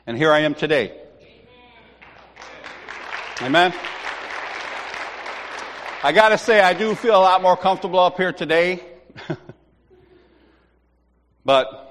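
A slight hiss or hum sits under this recording of a man preaching in a church sanctuary, where long hall reverb trails his words. The lay preacher's fairly high, fairly bright voice carries a personal story full of acted-out lines and self-directed laughter.

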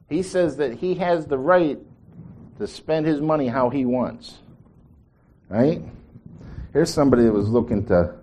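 Man preacher, mid-pitched, lively storytelling sermon with rhetorical questions. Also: husky. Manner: animated storytelling, voicing quotes, rhetorical questions to the congregation.

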